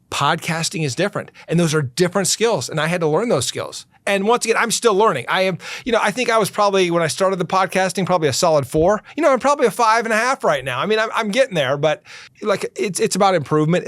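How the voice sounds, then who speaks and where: A middle-aged man, a podcast host, answering interview questions in an earnest, emphatic way and slowing down to stress his key points. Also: a little high, a bit bright, no room sound.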